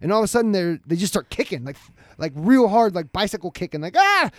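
A man in his thirties telling a story in casual chat, animated and heavy with profanity. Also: high voice, quick pace, no room sound.

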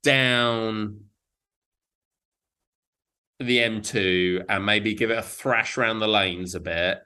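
A man from co-hosting a podcast in casual chat, halting and self-deprecating, stammering into his sentences. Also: lowish voice, sharp tone, smooth. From London, England. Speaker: podcast co-host.

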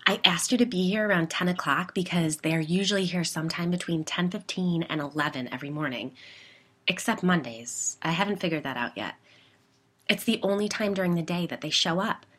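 Brief: woman voicing a keen amateur cryptid hunter, excitable, bright tone. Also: fairly low pitch. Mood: matter-of-fact. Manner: eager, conspiratorial, quick when explaining.

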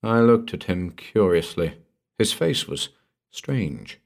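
A man reading a horror story aloud as narrator, in a measured, grave storytelling manner. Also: sits low, sing-song.

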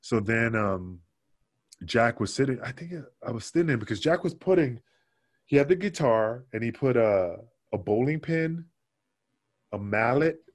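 A man's voice: mid-range voice, unhurried, dry recording. A man casually telling a backstage story, acting out other people's lines with cursing. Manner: animated, acts out quotes with cursing. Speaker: podcast guest.

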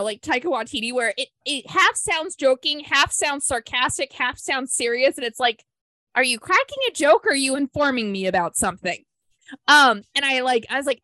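A woman's voice: fairly high pitch, bright, forceful tone, no room sound. A woman hosting a book club podcast, chatting enthusiastically with lots of fillers. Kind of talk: casual book discussion.

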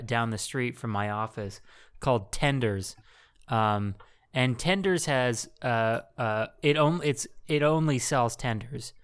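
Smooth-voiced young man hosting a podcast. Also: mid-range voice. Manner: relaxed, rambling storyteller. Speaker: podcast host. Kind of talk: casual podcast chat.

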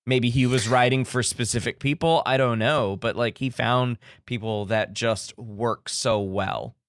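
He co-hosts the podcast, casually talking about a movie and rambling with many restarts. His medium-pitched, fairly bright voice keeps a fairly even intonation and an unhurried pace. The recording is dry and of studio quality.

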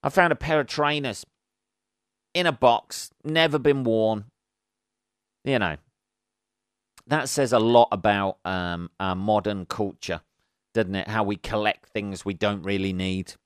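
A man's voice: on the low side, a little slow, long pauses, smooth, no echo, clean studio sound. A man hosting a solo comedy podcast. He rambles through sweary, wry asides with plenty of ums. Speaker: podcast host. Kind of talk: solo comic podcast monologue.

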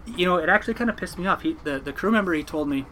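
A man telling a casual story about captaining a fishing boat, animated and swearing casually. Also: high-pitched, racing, a little hiss or hum, poor audio. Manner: animated, mimics people in quotes, swears casually.

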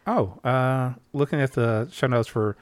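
A man's voice: mid-range voice, a little slow, no echo. A man hosting a podcast in casual chat, teasing the others and steering the talk. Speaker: podcast host.

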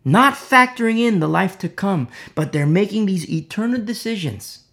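A man's voice: sits high, animated, moderate pace, vocal fry, a bit bright. A man preaching an informal sermon, impassioned and rambling, with many fillers and repeated phrases.

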